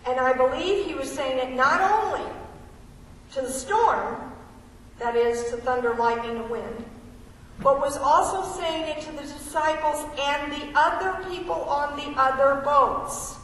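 Woman pastor giving a sermon, high voice, sounds distant in a big echoey church. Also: a little slow, fairly bright tone, slight background noise. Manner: questioning, conversational, reads scripture aloud. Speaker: preacher. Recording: echoey hall, mic far off.

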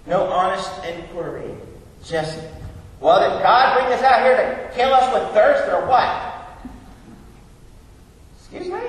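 A man's voice: fairly low pitch, slight background noise. A young adult man preaching a sermon in a church, with a conversational, teacherly manner that poses questions and answers them. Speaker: pastor. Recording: echoey hall from far off.

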